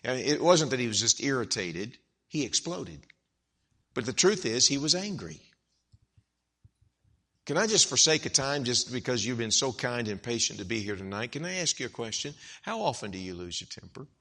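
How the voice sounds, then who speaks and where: Man preaching a sermon, bright forceful tone, dramatic loud-soft swings, church pulpit. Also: mid-range voice, big pitch swings, fairly quick. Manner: dynamic swings from hushed to loud emphatic. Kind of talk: evangelical sermon.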